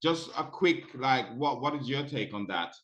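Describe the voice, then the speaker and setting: A man hosting a relaxed talk show with guests. His voice sits in a middle pitch, and he talks in a playful, teasing, animated way. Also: normal speed. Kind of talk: casual chat.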